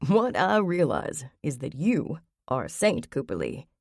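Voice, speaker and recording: A woman's voice: low-pitched, wildly swooping pitch, unhurried, vocal fry, darkish tone, no room sound, studio quality, full character voice. A woman voicing a cheerful, playful man who teases his friends. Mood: jovial. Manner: jovial, playful.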